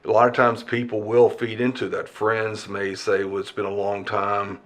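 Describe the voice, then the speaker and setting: A man speaking as an addiction expert in an interview, measured and a little hesitant as he explains. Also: on the low side, monotone, a bit bright.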